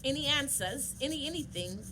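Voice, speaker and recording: A woman, telling a story casually to viewers while doing her nails, animated and preachy. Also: sits high, brisk, noisy background. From Southern United States. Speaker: nail artist vlogger.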